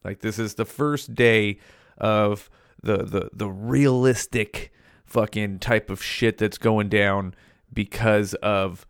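A man's voice: on the low side, steady tone, slow pace, smooth, no echo, clean studio sound. A young man hosting his own podcast, ranting bluntly and swearing constantly in a casual solo monologue. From California. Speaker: podcast host.

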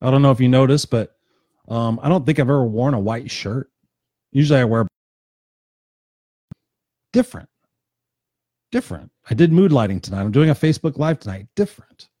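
A man's voice: medium pitch, fast, mellow, dry recording, clean studio sound. A man giving an unscripted motivational talk as host of his own live stream, passionate and swearing freely, repeating points for emphasis.

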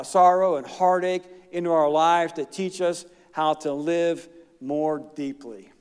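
Middle-aged male pastor, folksy sermon, slightly high voice, long church reverb. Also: clear, resonant tone. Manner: folksy, plain-spoken preaching with asides and chuckles.

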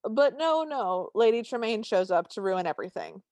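A woman's voice: fairly high pitch, animated, normal speed, a little mellow, no echo. A woman co-hosting a podcast, wryly narrating film scenes in casual chat and laughing often. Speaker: podcast co-host.

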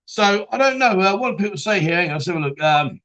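Casual stream host, man, high and bright, rambling and laughing as he reads comments. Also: lively intonation, quick pace, muffled recording. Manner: chatty, laughs often, trails off and restarts. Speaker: live chat show host reading viewer comments. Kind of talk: casual live-stream chat.

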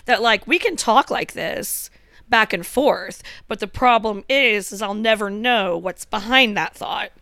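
A woman co-hosting a podcast, blunt and quick to laugh, swearing freely in casual chat. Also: medium pitch, pushed and bright, no room sound. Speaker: podcast co-host.

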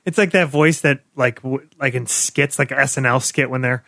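An American man co-hosting a podcast in casual chat, relaxed and wry with dry jokes. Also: medium pitch, moderate pace, no echo. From United States. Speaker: podcast co-host.

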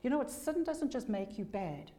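A woman's voice: on the high side, big pitch swings, moderate pace, warm tone. A woman preaching a sermon, emphatic, repeating key phrases for weight.

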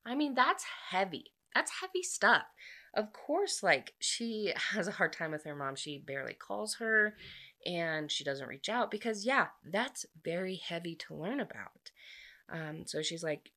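A woman's voice: low voice, a little slow. A woman casually recapping a book's plot, chatty and full of asides, acting out bits of the characters' dialogue. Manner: acts out dialogue in lively quoted bits. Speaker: book reviewer.

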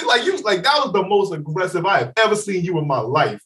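A man with a high, wildly swinging voice tells a party story on a podcast, bursting into laughter and shouting out the lines of his friends. He sits a little back from the microphone, so he sounds slightly distant. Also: moderate pace. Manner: animated, laughing, acts out quotes loudly. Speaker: podcast co-host. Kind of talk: casual storytelling chat.

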